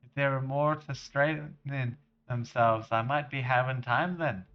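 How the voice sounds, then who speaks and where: A man voicing a tough male fist-fighting trainer in a put-on Scottish accent, with rough, clipped dialect. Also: mid-range voice, unhurried, lo-fi sound, lightly acted. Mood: gruff.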